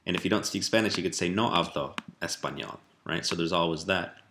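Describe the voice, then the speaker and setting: A man giving a relaxed spoken language lesson, explaining step by step with fillers and rephrasing. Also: low voice, brisk, slight background noise. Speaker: language teacher.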